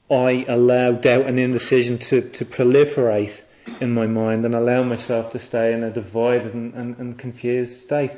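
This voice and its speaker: A man giving a Buddhist dharma talk, reflective and halting, often restarting his phrases. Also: mid-range voice, darkish tone. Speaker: Buddhist teacher.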